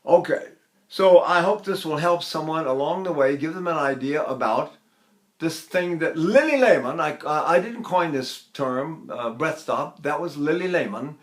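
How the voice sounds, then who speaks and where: An older man gives a vocal technique lesson, and his speaking voice sits high for a man. He is animated and demonstrative, often jumping into sung or exaggerated spoken examples as he explains. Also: normal speed. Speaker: voice teacher.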